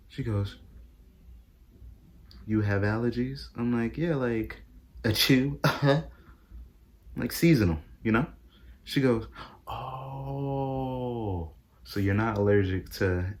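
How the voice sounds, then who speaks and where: Animated young man telling a story. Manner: animated, jumps into high-pitched exclamations when acting out his own reactions. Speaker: vlogger. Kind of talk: casual storytelling vlog.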